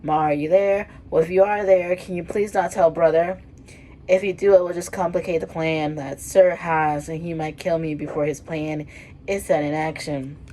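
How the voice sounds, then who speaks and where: A woman's voice: low voice, fairly even intonation, moderate pace, dark tone. A woman reading as a nice teenage boy hostage. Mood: calm.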